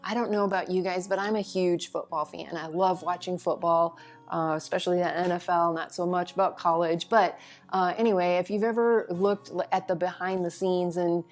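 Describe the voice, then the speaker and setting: A woman's voice: lowish voice, steady tone, normal speed, faint music behind. A woman leading a women's Bible study, teaching in an earnest, casual way with loose fillers.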